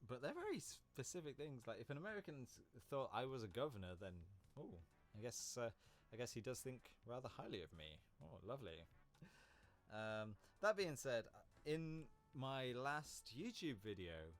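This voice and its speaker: A man's voice: medium pitch, big pitch swings, normal speed. A man chatting casually while live-streaming a game, rambling and laughing easily. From Britain.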